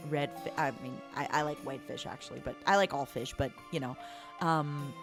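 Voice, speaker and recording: A woman streamer chatting casually with her audience in a playful motherly persona, calling viewers honey and darling. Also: on the low side. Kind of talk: casual live-stream chat.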